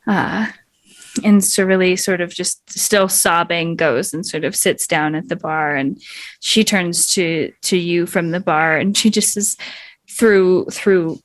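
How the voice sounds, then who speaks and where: A woman's voice: lowish voice, unhurried, no room sound. Woman narrating as game master. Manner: descriptive, with fillers.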